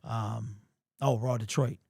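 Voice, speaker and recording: Hoarse guy hosting a sports stream, easygoing chatty talk, dry close mic sound. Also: mid-range voice, fairly even intonation, slow, mellow, dry recording. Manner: loose, chatty, greets viewers by name. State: hoarse from a sore throat. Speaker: sports show host. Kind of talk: casual livestream chat.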